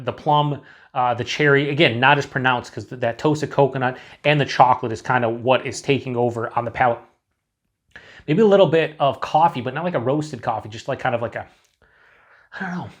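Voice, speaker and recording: A man casually reviewing beer for his channel, chatty and rambling, with frequent swearing and filler words. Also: mid-range voice. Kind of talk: casual tasting review to camera.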